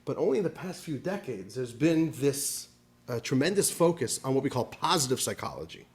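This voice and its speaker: A man, a rabbi, teaching a class in an animated storytelling manner, dropping in Yiddish words. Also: mid-range voice, brisk.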